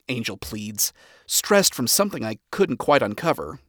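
A man reading a first-person story aloud, with sarcastic, profane, deadpan asides. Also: mid-range voice, moderate pace, dry recording, studio quality. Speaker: story reader.

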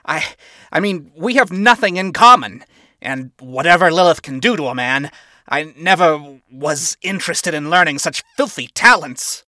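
A man's voice: on the high side, lively intonation, moderate pace, bright, forceful tone, no room sound, studio quality. A man voicing a scornful radio demon. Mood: indignant. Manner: disdainful and incredulous. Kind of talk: fan fiction reading.

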